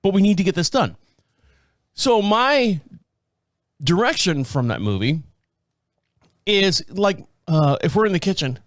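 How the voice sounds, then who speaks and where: A man's voice: a little high, animated, normal speed, long pauses, no echo, clean studio sound. A middle-aged man hosting a podcast, rambling casually and foul-mouthed, laughing often and acting out quotes. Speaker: podcast host.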